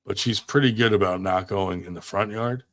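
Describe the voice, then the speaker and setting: A man's voice: fairly low pitch, normal speed, fairly bright tone. A young man chatting casually on a podcast, laughing often and swearing freely about his daughter. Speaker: podcast co-host. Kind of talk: casual chat.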